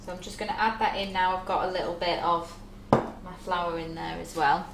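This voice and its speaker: A woman's voice: fairly low pitch, fairly even intonation, fairly quick, gravelly, heavy background noise. A woman giving a live cooking demonstration, chatting step by step as she mixes ingredients in a kitchen. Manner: chatty step-by-step explaining while working. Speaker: baker demonstrating recipes. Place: shop's demo kitchen. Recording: echoey kitchen with clattering dishes.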